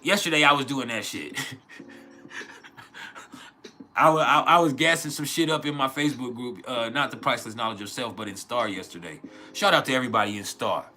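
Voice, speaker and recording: This male astrology livestreamer speaks quickly at a medium pitch, his voice pushed and bright, with faint music in the background. He chats casually, rambling and swearing, packing in fillers and starting over often.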